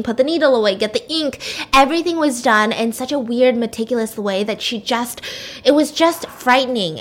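A woman host casually retelling a dark story on a podcast, chatty and full of fillers. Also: fairly high pitch. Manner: chatty, many "like" fillers, quick asides.

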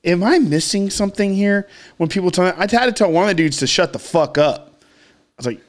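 A man's voice: high-pitched, lively intonation, brisk. Profane rambling man telling a story. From Austin, Texas area. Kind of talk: casual storytelling chat.

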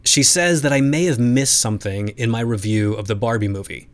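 A man's voice: medium pitch, brisk. A man hosting a solo podcast, talking through listener mail in a conversational, reflective way with occasional restarts. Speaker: podcast host.

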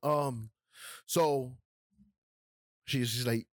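A man's voice: medium pitch, slow pace, long pauses, no echo, studio quality. A young man from New York, a podcast co-host telling a family story in casual chat, swearing freely and acting out what people said. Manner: animated, swearing, acts out quotes.

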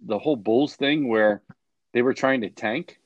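A man's voice: medium pitch, no room sound, highs cut off. Rambling man with dry close sound. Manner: rambling, halting, many fillers. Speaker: podcast host. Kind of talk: casual chat.

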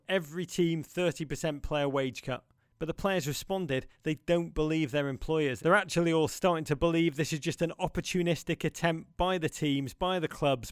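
A man's voice: a little high, smooth, dry recording, clean studio sound. A man hosting a podcast, talking in a theatrical, impassioned and playful way. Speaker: podcast host. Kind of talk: podcast monologue.

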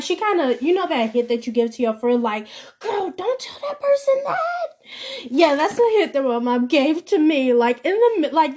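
A teenage girl with a high, bright voice tells a rambling, casual story in a loose, colloquial way. She leaps up into other people's voices as she quotes them. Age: teens. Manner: animated, acts out quoted voices with big pitch jumps. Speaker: podcast host.

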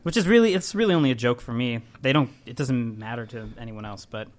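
A man's voice: mid-range voice, fast talker. A young man co-hosting a casual podcast chat who makes joking, wry asides. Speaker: podcast co-host.

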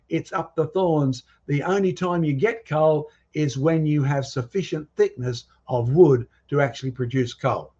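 A man's voice: a little high, a little mellow, breathy edge, lo-fi sound. A man giving a lecture with slides, emphatic and full of rhetorical questions and challenges to his audience. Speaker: guest speaker on creation and fossils.

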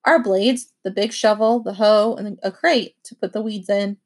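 A woman reading a children's novel aloud with expressive first-person narration. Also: medium pitch, moderate pace. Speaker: audiobook reader.

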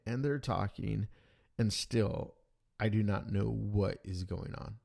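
A man casually retelling a tense travel story in a rambling, animated way, acting out the dialogue. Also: on the low side, measured pace, creaky.

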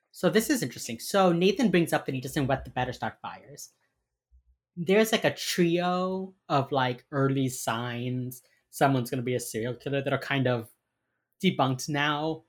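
Woman recapping a tv show, really low voice, kinda husky, acts out the lines, swears a lot. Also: measured pace. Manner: animated, acts out characters' lines, swears freely. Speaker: podcast co-host recapping a TV crime drama. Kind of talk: casual chat.

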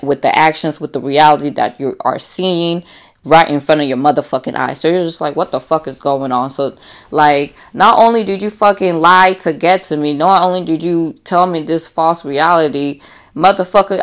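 A woman's voice: low-pitched, normal speed. A woman hosting a casual solo podcast, talking bluntly with lots of profanity and addressing her listeners as y'all. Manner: blunt, profane and animated, acts out quotes. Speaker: podcast host.

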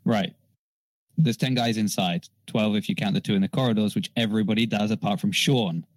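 A man with a fairly low voice speaks briskly on a dry, rough recording. Playing a casual tabletop game, he lays out his plans in a playful, scheming way, chuckling every so often.

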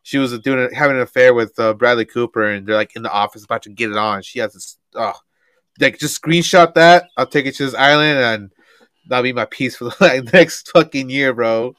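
A man's voice: medium pitch, brisk, clear, resonant tone, dry recording. A young man co-hosting a podcast, chatting casually with friends, swearing freely and laughing often. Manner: profane, laughing, animated storytelling. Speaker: podcast co-host. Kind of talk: casual chat.

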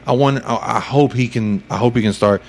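A man's voice: mid-range voice, a little fast, gravelly, a little hiss or hum. A man co-hosting a sports podcast, chatting casually, thinking aloud with jokey asides. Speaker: podcast co-host.

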